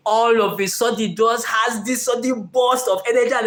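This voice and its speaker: High-voiced, earnest motivational speaker man. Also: moderate pace, few pauses. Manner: earnest, animated, playful asides. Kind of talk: motivational live session talk.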